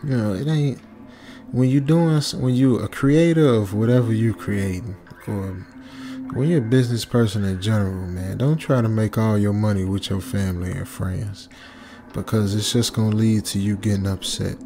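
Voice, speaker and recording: Man, low gravelly voice, relaxed late-night chat, music behind. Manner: laid-back, slow, low-key talk with slang. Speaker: storytelling channel host. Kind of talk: casual chat to viewers. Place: home at night.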